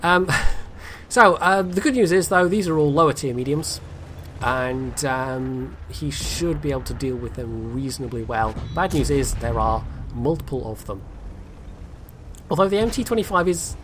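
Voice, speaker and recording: A man's voice: mid-range voice, expressive, moderate pace, a bit bright, slight background noise. A man giving casual, rambling commentary on a game replay, full of fillers and dry asides.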